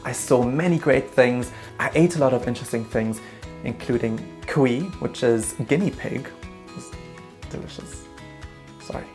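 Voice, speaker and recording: A man's voice: mid-range voice, soft background music. Self-mocking man telling a travel story. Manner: animated, self-mocking, jumps into quick put-on voices. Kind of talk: comedic travel story vlog.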